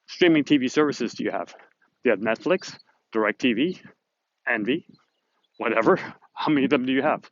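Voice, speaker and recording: A man's voice: mid-range voice, dry recording, dull audio. A man hosting a motivational video series, talking to the camera in a chatty, upbeat way and rambling a little as he retells a conversation. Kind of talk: casual talking-to-camera monologue. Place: Southern California.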